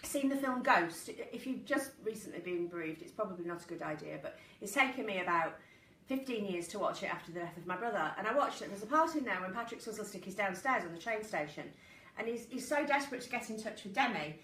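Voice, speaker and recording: A woman's voice: medium pitch, animated, fast talker. A woman hosting a casual live stream as a psychic medium, chatty and jokey, at home. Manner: chatty, warm-hearted, jokey. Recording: roomy echo, voice a bit far from the mic, faint background hiss.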